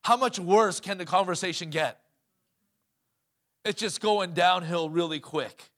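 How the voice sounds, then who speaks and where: Male pastor mid-sermon, emphatic, fairly high voice. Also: unhurried, fairly bright tone. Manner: emphatic, asks the crowd questions, calls "Amen?".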